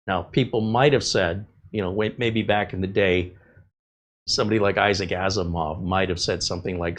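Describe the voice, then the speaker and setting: A middle-aged man, a tech host, chatting casually and rambling off on tangents while he works on a computer build. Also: low-pitched. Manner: rambling, conversational, with fillers and tangents. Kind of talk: casual chat while working.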